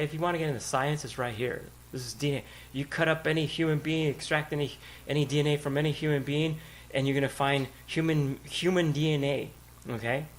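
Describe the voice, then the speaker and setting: A male pastor preaching a sermon, emphatic and conversational, repeating key words and putting questions to the congregation. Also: a little high. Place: church.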